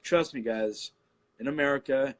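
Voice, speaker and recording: A man's voice: medium pitch, moderate pace. A man co-hosting a podcast, talking politics in a blunt, profane way. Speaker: podcast co-host. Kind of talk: casual political chat.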